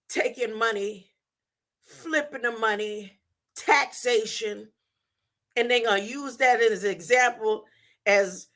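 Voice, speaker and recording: A woman with a fairly bright voice on the high side hosts a podcast, teaching scripture informally and conversationally while retelling the story in her own words.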